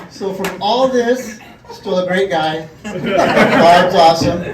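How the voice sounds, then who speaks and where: A man giving a roast speech at a party, telling a long comic story and often laughing as he acts out the people in it. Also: high voice. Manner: laughing often while telling a long anecdote, acting out voices. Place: party room with a crowd. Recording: echoey party room, far from mic, loud noise.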